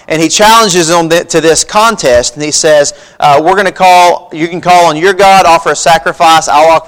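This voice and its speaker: Man, pastor, sermon, high-pitched voice, folksy, emphatic, scripture reading. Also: a bit bright. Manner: folksy preaching, reads scripture aloud, rising emphasis. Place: church sanctuary.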